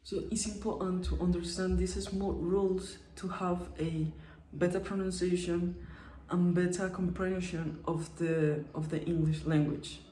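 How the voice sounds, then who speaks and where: A woman's voice: fairly low pitch, steady tone, warm tone, a little hiss or hum. A young woman from Colombia, a native Spanish speaker with a Colombian accent, presenting a class lesson in English and often restarting her words. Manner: halting, frequent restarts on words. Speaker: student presenter. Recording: echoey room.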